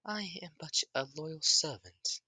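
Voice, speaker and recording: A man voicing a towering, loyal monster servant who speaks slowly and formally. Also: a little high, lively intonation, bright, forceful tone, no room sound, studio quality, voice pushed up, heavily acted. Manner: slow, formal, servile.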